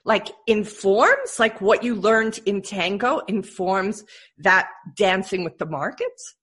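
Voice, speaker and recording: A woman's voice: medium pitch, sing-song, takes it slowly, fairly bright tone, husky. A woman co-hosting a podcast interview, reacting with enthusiasm. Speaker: podcast co-host. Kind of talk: casual interview chat.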